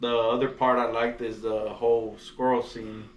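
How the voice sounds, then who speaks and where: A man's voice: mid-range voice, little pitch movement, moderate pace, far from the mic. A man on a casual movie review podcast, laid-back and chuckling. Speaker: podcast panelist. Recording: echoey room.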